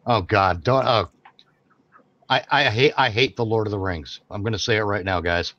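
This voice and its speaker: A man's voice: lowish voice, moderate pace, a bit bright. Profane ranting man on a lo-fi stream. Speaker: co-host. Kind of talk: casual stream chat. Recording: dull lo-fi stream audio with background noise.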